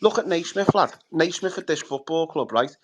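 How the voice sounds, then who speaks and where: A man's voice: a little high, moderate pace. A man, co-hosting a football fan chat show, talking bluntly and animatedly with lots of swearing. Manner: blunt, sweary, animated, acts out players' thoughts. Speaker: podcast co-host.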